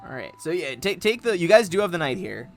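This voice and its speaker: A man's voice: fairly high pitch, big pitch swings, fairly quick, creaky, faint music behind. A man running a tabletop game as game master, casual and laughing often.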